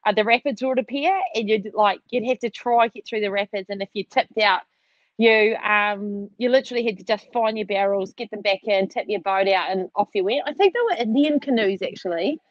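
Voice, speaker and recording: A woman telling a funny story over a video call, animated and laughing, full of "like". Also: medium pitch, fairly quick, dry recording, muffled recording. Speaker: netball player catching up with a teammate. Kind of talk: casual video call chat.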